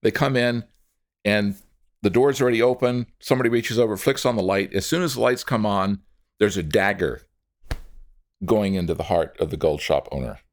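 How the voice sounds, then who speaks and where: A man's voice: lowish voice, normal speed. A man telling a dramatic story to an audience, addressing its members directly. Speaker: storyteller, speaker.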